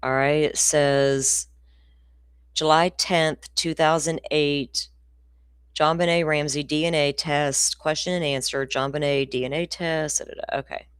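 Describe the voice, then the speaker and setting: A woman's voice: deep voice, fairly even intonation, a little slow, smooth, dry recording, studio quality. A middle-aged woman, hosting a casual true crime livestream in a rambling, profane, ranty way.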